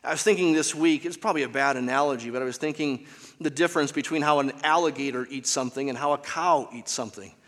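A man's voice: mid-range voice, quick pace, a bit bright, big-room sound. A man preaching a sermon as pastor, with an emphatic, repetitive cadence, recorded in a church.

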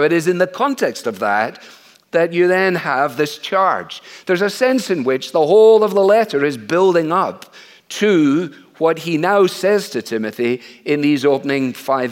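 A middle-aged or older man preaching an expository sermon. He is earnest and conversational, often pausing on "uh" and asking rhetorical questions. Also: medium pitch.

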